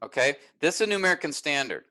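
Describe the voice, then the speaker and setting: A man's voice: fairly high pitch, very animated, rapid-fire, bright, forceful tone, low-quality recording. A man teaching a workshop, explaining step by step and often checking in with "all right?".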